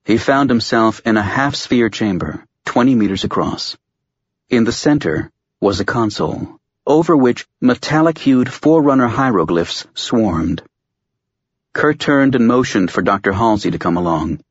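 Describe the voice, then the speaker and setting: A man narrating a science fiction audiobook in a steady, measured storytelling voice. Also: mid-range voice, husky, dry recording. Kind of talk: scripted narration. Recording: dull lo-fi audiobook recording.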